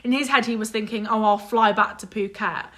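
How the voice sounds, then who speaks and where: A young woman telling a story in casual chat, animated and exasperated, swearing freely and mimicking others. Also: medium pitch, a little fast. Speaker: vlog guest telling a story.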